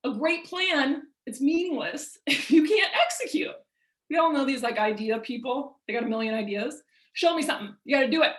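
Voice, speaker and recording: A woman's voice: high voice, fairly bright tone. A woman leading a motivational workshop over a video call, speaking in an emphatic, punchy way and asking rhetorical questions. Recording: roomy echo.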